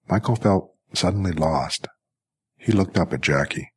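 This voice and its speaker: A man reading a story aloud in a measured audiobook style. His voice sits very low and husky, with a steady and unhurried delivery. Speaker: narrator. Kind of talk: audiobook narration.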